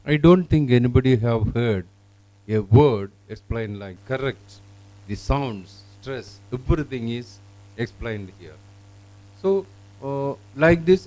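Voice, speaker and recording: A man presenting teaching software, talking in a halting way with many fillers. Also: medium pitch, no room sound, rough recording. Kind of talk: product demonstration.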